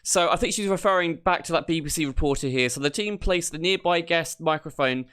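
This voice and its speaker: Smooth-voiced host reading comments. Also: male voice, a little high, fairly quick, fairly bright tone. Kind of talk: casual chat.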